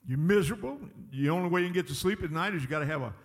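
High-voiced preaching man in a reverberant hall. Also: lively intonation, very fast. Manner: folksy, emphatic preaching with chuckles. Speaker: pastor. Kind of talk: sermon.

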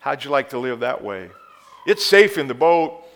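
A male pastor preaching a sermon. He moves from quiet, intimate passages to loud exhortation and leads the congregation in call-and-response. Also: medium pitch, very animated, moderate pace.

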